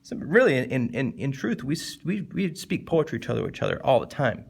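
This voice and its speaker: A man teaching a casual, animated literature lesson, jumping up in pitch to stress points and slowing down to read poem lines. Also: vocal fry, breathy edge. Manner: animated, conversational, with sudden lifts in pitch for emphasis; reads poem lines slowly and deliberately.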